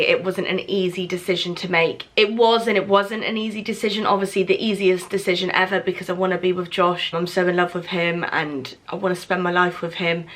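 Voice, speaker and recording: A woman's voice: medium pitch, fairly bright tone. A young woman from England chatting casually to her camera at home, rambling and emotional, close to tears at times. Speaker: vlogger. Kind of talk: casual talking-to-camera vlog.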